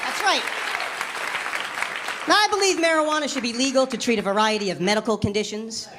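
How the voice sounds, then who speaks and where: A woman doing a stand-up comedy set on a club stage, wry and animated, jumping into squealy voices for the people she quotes. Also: on the high side, a little fast, background noise. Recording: live club recording with crowd laughter. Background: audience laughing.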